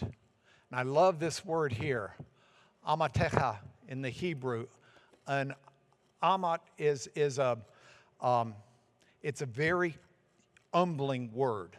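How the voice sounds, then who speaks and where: A man teaching a church Bible class, acting out the quoted lines he reads with animated energy. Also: medium pitch, slow, pauses often, long reverb tail.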